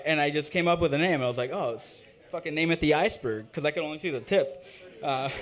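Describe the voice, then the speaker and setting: A young man performing a halting, self-deprecating open-mic stand-up set, full of ums and uhs. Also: fairly high pitch, a bit bright. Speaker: stand-up comic. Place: open-mic comedy stage.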